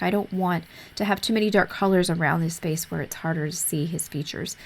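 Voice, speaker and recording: A woman narrating a coloring tutorial in an easygoing, explanatory way, a little hoarse as she is losing her voice. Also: mid-range voice. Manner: easygoing, explanatory, with frequent fillers. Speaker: art tutorial host.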